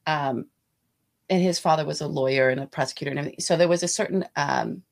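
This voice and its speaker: A woman's voice: sits low, quick pace, gravelly. A woman co-hosting a podcast in casual political chat, chatty, often trailing off and restarting her sentences. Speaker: podcast co-host.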